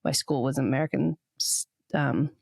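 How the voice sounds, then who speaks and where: A woman in her thirties from Australia with a mixed international accent, chatting casually as a podcast co-host, laughing easily and letting her pitch jump around. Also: steady tone, moderate pace, gravelly, darkish tone, no room sound, studio quality. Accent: mixed international, Papua New Guinea upbringing. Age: 30s. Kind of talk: casual chat.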